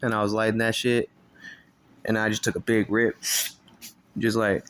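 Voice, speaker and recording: A man's voice: fairly low pitch, little pitch movement, moderate pace, a bit bright, clean tone. A man telling a casual storytime, laid-back and swearing constantly, laughing between lines. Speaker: storyteller vlogger.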